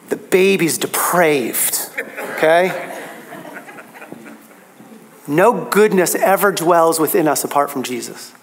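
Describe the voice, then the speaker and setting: A man preaching a sermon, emphatic, his pitch rising on key phrases.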